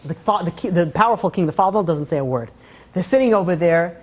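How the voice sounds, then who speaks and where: A man's voice: sits high, quick pace. A rabbi telling a parable in a casual lecture, with lots of "you know" as he goes. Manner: casual, animated retelling full of "you know". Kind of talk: storytelling lecture.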